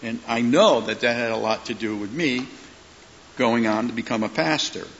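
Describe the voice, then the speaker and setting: A middle-aged male pastor preaching with a bright, forceful voice and acting out the people in his stories. The sound is dull and lo-fi, with a faint hiss. A long reverb hangs in the sanctuary. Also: medium pitch, moderate pace. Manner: animated storyteller, acts out voices in his stories. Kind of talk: sermon.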